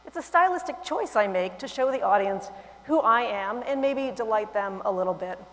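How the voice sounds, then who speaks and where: A woman giving a conference keynote on stage, lively and humorous, with animated asides. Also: mid-range voice, normal speed. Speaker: keynote speaker. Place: large conference hall, on stage. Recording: long hall reverb.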